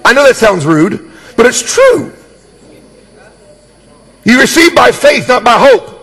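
A man's voice: very high-pitched, big pitch swings, takes it slowly, a bit bright, in a large hall. A man preaching a sermon as pastor, emphatic and jokey, repeating key words and calling for responses.

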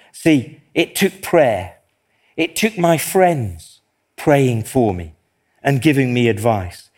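A man's voice: a little high, darkish tone. A man preaching a sermon, telling a personal story in an earnest, self-deprecating way. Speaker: pastor.

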